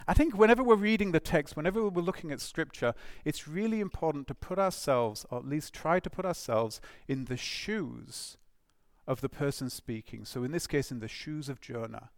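A man preaching a sermon, animated and emphatic, with rhetorical questions and restarts. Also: fairly high pitch, moderate pace, creaky, no echo, clean studio sound.

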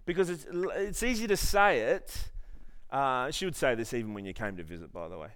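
A man's voice: on the high side, animated, normal speed. A male pastor preaching a sermon in short, emphatic phrases, with frequent restarts and humorous asides.

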